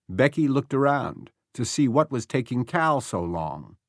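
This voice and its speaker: A man narrating an audiobook thriller in a measured, expressive storytelling manner, recorded close on a studio mic. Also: medium pitch, dry recording. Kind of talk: scripted narration.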